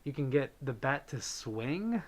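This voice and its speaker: Man, livestream host, casual chat, reads viewer messages, lots of fillers, middle pitch. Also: big pitch swings, a little slow. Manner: chatty, thanks donors, many fillers.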